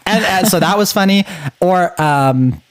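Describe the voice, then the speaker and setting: A man co-hosting a podcast, talking in a casual, enthusiastic and animated way. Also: high-pitched, a little slow, dry recording. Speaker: podcast co-host. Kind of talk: casual chat.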